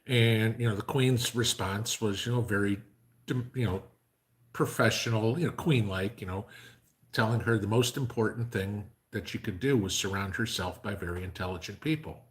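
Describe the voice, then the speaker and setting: A man with a lowish voice hosts a casual livestream at normal speed. He rambles loosely, leans heavily on fillers, and tells jokes.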